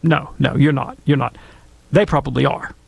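A man answering listener questions on a call-in radio show, talking in long discursive asides with animated storytelling. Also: mid-range voice, normal speed, vocal fry, slightly rough, dry recording. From Alabama, US. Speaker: Catholic apologist guest expert. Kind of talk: conversational radio Q&A.

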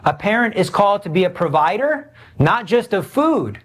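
Man, Catholic preacher, fervent sermon delivery, slightly higher voice, pressing rhetorical questions. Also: big pitch swings, moderate pace. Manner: emphatic, with rhetorical questions and sudden pitch swings. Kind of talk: impassioned sermon.

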